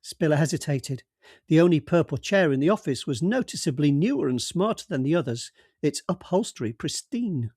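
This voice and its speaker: A man narrating a novel in a steady, even audiobook reading. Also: a little high, moderate pace, slightly rough, no room sound, clean studio sound.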